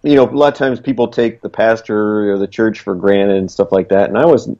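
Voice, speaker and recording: A man's voice: lowish voice, fairly even intonation, a little fast, warm tone. A man telling his story in casual, earnest talk, rambling with lots of fillers. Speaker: guest, small business owner. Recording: dull lo-fi recording.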